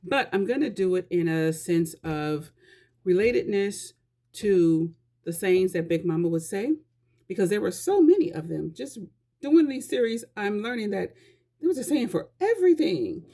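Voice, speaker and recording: A woman speaks straight to her viewers in a casual vlog. Her talk is earnest and conversational, and she gives life advice. Her voice has a gravelly edge of vocal fry. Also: medium pitch, very animated, moderate pace, mellow. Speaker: vlogger giving life advice.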